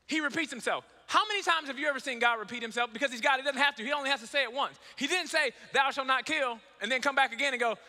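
A man in his thirties, a pastor preaching a sermon, telling stories in an animated way, acting out dialogue and joking about himself. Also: extremely high pitch, very fast, hardly any pauses. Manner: animated storytelling, acts out dialogue, self-mocking humor. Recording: long hall reverb.

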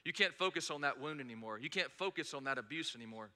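A man's voice: mid-range voice, expressive, fast talker, sharp tone. A man from North Georgia preaching a sermon, telling stories conversationally with frequent fillers. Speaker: pastor. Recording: long reverb in a large hall.

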